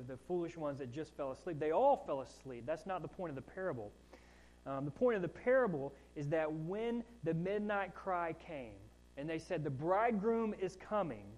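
A man's voice: on the high side, darkish tone, low-quality recording. A man preaching a sermon in a conversational way, with asides and rising emphasis on key points. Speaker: pastor.

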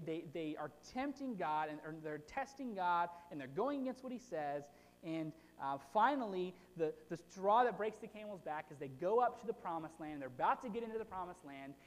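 A preacher giving a casual, conversational sermon, retelling a story in a chatty, animated way and checking in with the audience by asking "right?". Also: mid-range voice. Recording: long hall reverb.

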